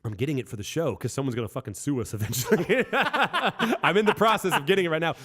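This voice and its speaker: A young man co-hosting a podcast, who talks quickly, swears a lot and stays animated in a casual chat. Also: a little high, husky. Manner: fast-talking, profane, animated. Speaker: podcast co-host. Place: living in Germany.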